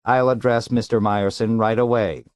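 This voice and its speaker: A man's voice: on the low side, steady tone, normal speed, clear, resonant tone, no echo, natural voice. A tinny, fussy robot shrink, as a male reader puts it on. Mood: prim. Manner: prim, fussy, huffy. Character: chattering robot psychiatrist in a suitcase, male.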